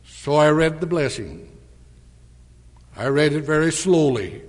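A man giving a storytelling address at church, slowly and deliberately retelling a conversation. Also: fairly high pitch, lively intonation. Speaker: church speaker. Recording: long hall reverb.

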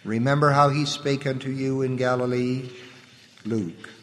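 A man giving a solemn, measured scripture reading, letting his voice drop at the ends of phrases. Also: medium pitch, fairly even intonation. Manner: measured, reverent delivery with the voice dropping at phrase ends. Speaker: scripture reader. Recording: long hall reverb.

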